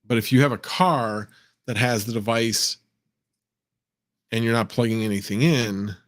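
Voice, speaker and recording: A man hosting a casual livestream, thinking out loud and reading viewer comments as he goes. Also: mid-range voice, steady tone, a little slow. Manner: rambling, reads chat aloud, thinks out loud. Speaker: livestream host.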